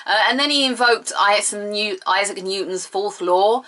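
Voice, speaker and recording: A young woman talks through a TV episode in a chatty, animated way. Her voice is bright and clear at a middle pitch. She tosses in sarcastic asides and bursts of mock outrage. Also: normal speed. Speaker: TV episode reviewer. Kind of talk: casual video review.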